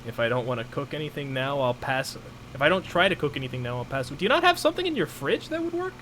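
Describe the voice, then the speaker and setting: A young man talks casually on a livestream, rambling and full of fillers. His voice sits at a middle pitch. A faint hum hangs behind him. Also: sing-song, quick pace, a bit bright. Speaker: streamer host. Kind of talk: casual chat on stream.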